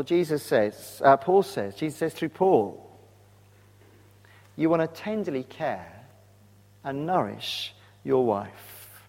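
A man's voice: mid-range voice, a little mellow. A man preaching a sermon, speaking earnestly and putting direct questions to his congregation. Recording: long reverb of a large hall.

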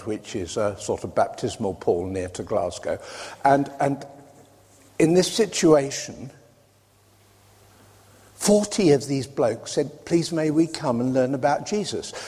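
Husky-voiced British man preaching in a hall. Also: mid-range voice, warm tone. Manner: conversational, wry asides. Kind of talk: sermon. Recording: reverberant hall.

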